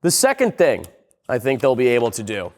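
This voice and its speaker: A man's voice: mid-range voice, wildly swooping pitch, brisk. A young man hosting a casual comedic video essay, rambling and sarcastic, with plenty of swearing. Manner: profane, rambling, sarcastic storyteller.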